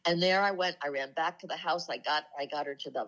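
A woman telling heartfelt personal stories in a casual spiritual talk, earnest and slowing down softly for the emotional moments. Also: low voice, rough recording. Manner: earnest, slows down and drops soft for emotional moments. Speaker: co-host of a spiritual talk show. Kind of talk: casual conversational storytelling.

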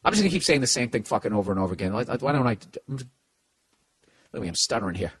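A middle-aged podcast host with a Boston accent gives comedic advice in a profane, ranting style, full of stammering restarts. He talks very fast in a husky, medium-pitched voice with big pitch swings.

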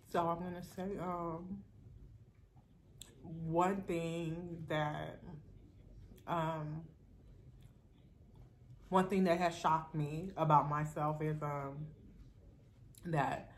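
A woman's voice: sits low, fairly even intonation, very slow, pauses often, slight background noise. A woman, chatting bluntly and straightforwardly to her viewers while eating, a mukbang vlogger. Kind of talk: casual chat while eating.

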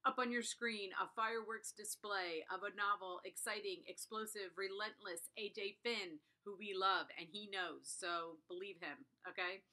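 A woman's voice: medium pitch, steady tone, moderate pace, hardly any pauses, pushed and bright. A middle-aged woman reviewing a book to camera in a chatty, gushing way, often checking in with her viewers. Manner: gushing, chatty, keeps asking "okay?". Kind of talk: casual chat to camera.

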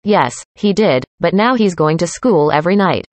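Woman, scripted practice dialogue, careful clear delivery, slightly low pitch, dry recording. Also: expressive, normal speed, a little mellow, dry recording. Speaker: dialogue reader.

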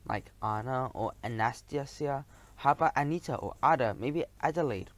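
A man's voice: medium pitch, moderate pace, dry recording, lightly acted. A man voicing a kindly, pleasant female mouse professor in a storybook reading. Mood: amused.

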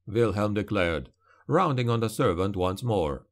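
A man narrating a dark fantasy novel as an audiobook, in a grave and deliberate manner. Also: fairly low pitch, animated.

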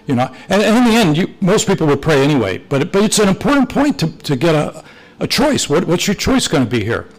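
A very animated older man with a fairly high voice talks a little fast on a rough recording. He's a retired missionary priest teaching Sunday school, spinning rambling anecdotes for his church class and acting out the dialogue with quoted voices.

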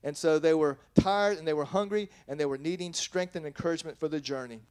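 A man's voice: fairly high pitch, fast, a little mellow, smooth. A man preaching a sermon as pastor, earnest and plain-spoken, reading scripture and then explaining it, often restarting his sentences. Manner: earnest, with frequent restarts and self-corrections.

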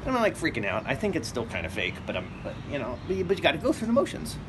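A man's voice: fairly high pitch, wildly swooping pitch, racing, background noise. A man vlogging a casual first-person story at home, rambling and plain-spoken with many fillers. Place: his apartment and building, walking around.

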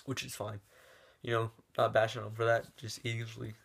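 A man's voice: medium pitch, little pitch movement, moderate pace, gravelly. A young man telling a casual story-time vlog, rambling with lots of "like" and restarts while showing moves with his hands.

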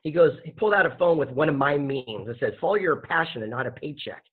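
A man, a podcast guest and author, telling a story with lively acted-out dialogue. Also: fairly high pitch, quick pace, breathy edge. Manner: animated storyteller acting out dialogue. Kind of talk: storytelling interview answer. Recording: tinny phone-like line.

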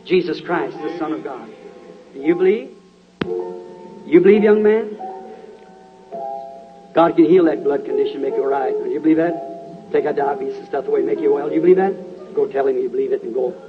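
A middle-aged preacher at a healing service, his voice set fairly high, firing short repeated questions at the crowd. He comes through a muffled, lo-fi 1960s tape. Organ music plays clearly behind him. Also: moderate pace, pauses often.

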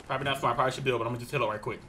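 A man giving jokey, excitable commentary while playing a video game, swinging from low mutters to loud shouts. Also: rapid-fire, a little hiss or hum. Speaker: gaming channel host. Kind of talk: Let's Play commentary.

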